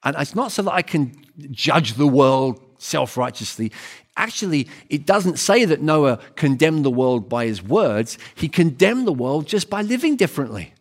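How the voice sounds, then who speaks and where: A man's voice: fairly high pitch, very animated, normal speed. A man preaching a sermon in an earnest, emphatic way, often repeating phrases and restarting words.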